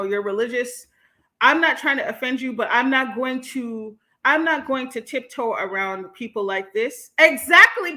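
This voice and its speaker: A woman's voice: high-pitched, bright, forceful tone. A woman hosting a livestream commentary, talking bluntly and heatedly to her chat, with frequent profanity. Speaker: host.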